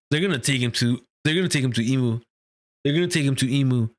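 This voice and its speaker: A man hosting a casual reaction to a comic chapter, excitable and slangy, laughing often. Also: mid-range voice, quick pace.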